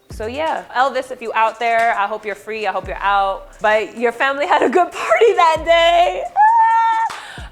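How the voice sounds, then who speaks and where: A woman, a former party clown telling stories in a casual vlog, profane and animated, with sound-effect fillers. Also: medium pitch.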